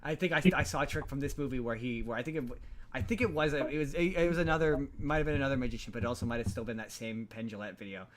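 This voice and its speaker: A man's voice: medium pitch, steady tone, racing, noisy background. A man hosting a podcast, recapping a movie plot in a loose, rambling way with many restarts. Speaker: podcast host.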